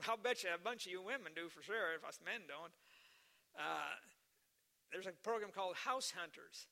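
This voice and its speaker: A man's voice: high-pitched, bright, forceful tone. A man preaching a sermon earnestly, repeating key phrases for emphasis and telling stories to make his points.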